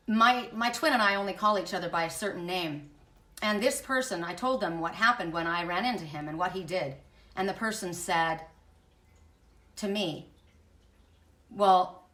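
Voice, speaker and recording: A woman's voice: on the low side, normal speed, sharp tone, reverberant, far from the mic. A middle-aged woman, a spiritual reader, telling a personal story in a candid, blunt way and swearing when angry. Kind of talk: emotional personal monologue.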